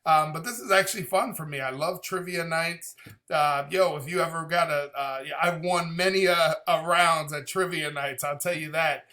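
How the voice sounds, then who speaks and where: Talkative and lively, a thirtysomething music-reaction host chats in a casual vlog and slips into impressions now and then. His voice is fairly high and his pace moderate.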